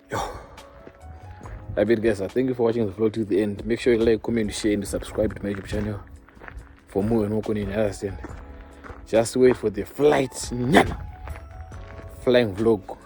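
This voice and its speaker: A man's voice: lowish voice, fairly even intonation, normal speed, long pauses, music in the background. A young man with a Zimbabwean accent, chatting loosely to camera in a casual vlog and mixing in Shona phrases. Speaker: vlogger. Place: outdoors in a town centre.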